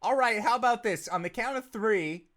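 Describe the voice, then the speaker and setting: A woman voicing a gruff, irritable man who talks bluntly and swears, as her character in a tabletop game. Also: on the high side, normal speed, pitched above the performer's own voice, lightly acted. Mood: bargaining. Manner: blunt, profane, exasperated.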